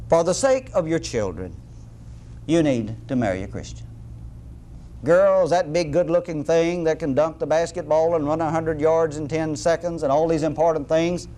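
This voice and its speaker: A middle-aged man delivers a folksy sermon full of humorous asides. His voice sits high and swings widely in pitch, so he sounds animated throughout. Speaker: preacher.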